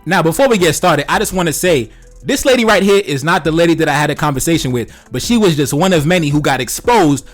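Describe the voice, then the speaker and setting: A man's voice: fairly high pitch, expressive, fast, faint music behind. A young man doing casual commentary on social media posts, blunt and heated, swearing often and calling listeners "man" and "brother". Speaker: commentary channel host.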